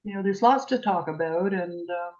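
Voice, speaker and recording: A woman on a video call, chatting casually and telling animated stories, acting out what people said. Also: fairly low pitch, normal speed. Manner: chatty, animated storytelling, acts out quotes. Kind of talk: casual chat. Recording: muffled video-call audio.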